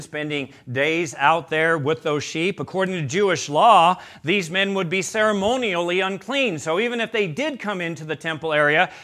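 Male pastor, emphatic sermon delivery, tense, ringing tone. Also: fairly high pitch. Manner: emphatic preaching, swings from loud to hushed; addresses listeners as beloved.

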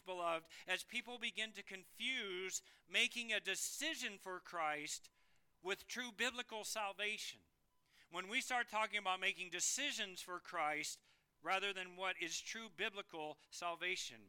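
A man preaching a sermon earnestly, swinging between emphatic declarations and hushed, quiet phrases. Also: high voice, smooth.

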